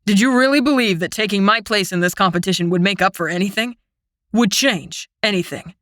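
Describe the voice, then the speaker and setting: A woman's voice: medium pitch, fairly quick, fairly bright tone, no room sound, studio quality, natural voice. A woman voicing a bitter young fairy man. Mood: bitter scorn. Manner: sneering, accusing. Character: young male fairy, bitter and scornful brother.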